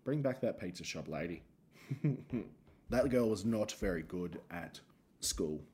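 A man's voice: deep voice, animated, measured pace, dark tone. An Australian man hosting a solo podcast, rambling and self-mocking as he tells stories. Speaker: podcast host and comedian.

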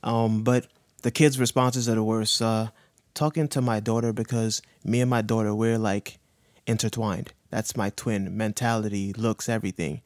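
A man's voice: fairly low pitch, steady tone, normal speed, darkish tone, dry recording, studio quality. A man in his thirties on a podcast, talking earnestly about his cancer with heavy slang and profanity, choked up. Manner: earnest, emotional, urges listeners with slang and profanity. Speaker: guest sharing his cancer diagnosis. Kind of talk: candid podcast conversation.

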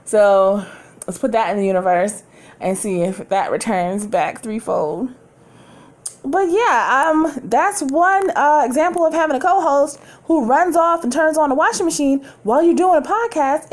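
A woman's voice: sits high, lively intonation, normal speed. A woman hosting a podcast from home, talking in a candid, chatty way and laughing often. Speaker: podcast host. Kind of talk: casual chat.

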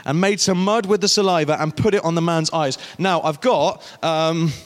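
A guest speaker leads an interactive youth talk, playfully coaching volunteers through a skit. His voice sits high for a man. It carries a long reverb from a large hall. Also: moderate pace, background noise. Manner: playful, directs volunteers on stage.

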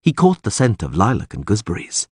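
A man reading a fantasy audiobook aloud with expressive, dramatic narration. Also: fairly low pitch, fast, breathy edge, no echo, clean studio sound.

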